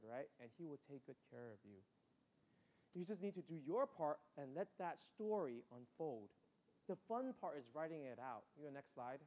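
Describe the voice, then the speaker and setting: A man preaching a sermon in a conversational way, often checking in with the listeners by asking "right?". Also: rough recording. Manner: acts out his mother in a high excited voice. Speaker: pastor.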